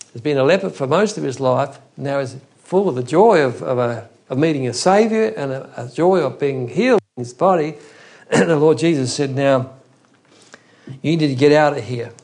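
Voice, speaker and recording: A man's voice: a little high, expressive, normal speed, darkish tone. A man preaching an expository Bible teaching in an earnest, emphatic way, often restarting his phrases.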